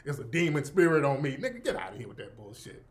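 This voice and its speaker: A middle-aged man hosting his own radio show, telling a profane, animated story in a casual monologue and breaking into laughter. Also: mid-range voice, fast talker, slight background noise.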